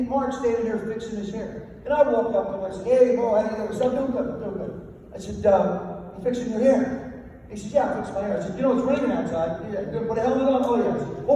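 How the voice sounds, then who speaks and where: Older male banquet speaker, humorous motivational storyteller, high-pitched, recorded at a distance in a reverberant hall. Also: mellow. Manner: anecdotal, self-deprecating storytelling. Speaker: after-dinner speaker. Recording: echoey hall from far off, faint noise.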